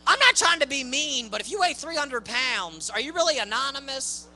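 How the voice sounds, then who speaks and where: A man with a high voice that gets mistaken for a woman's, doing a stand-up comedy set on a club stage with loud, ranting punchlines. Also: big pitch swings, moderate pace, low-quality recording. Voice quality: high, boyish voice often taken for a woman's.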